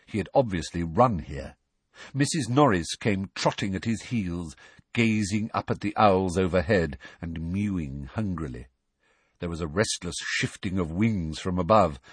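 A man narrating a children's story in an expressive, scripted reading. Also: sits low, slightly rough, no echo. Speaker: audiobook narrator.

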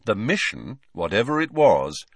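A man reading an audiobook narration in a measured, expressive way, close to the mic. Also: fairly low pitch, no room sound. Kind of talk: scripted narration.

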